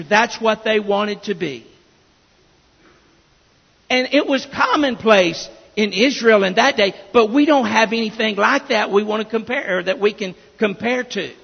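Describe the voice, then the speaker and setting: Slow, gravelly-voiced pastor preaching in a hall. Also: male voice, very high voice. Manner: emphatic preaching with repeated restarts. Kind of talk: sermon. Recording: dull reverberant church recording.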